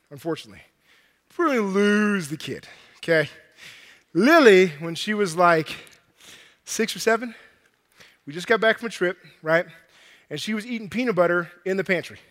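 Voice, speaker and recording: A man preaching a sermon as an animated, playful storyteller. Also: high-pitched. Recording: long echoey hall reverb.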